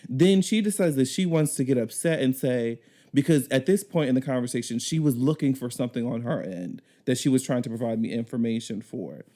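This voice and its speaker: A man co-hosting a podcast, telling a story in casual, animated chat and swearing now and then. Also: mid-range voice, a little fast. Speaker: podcast co-host.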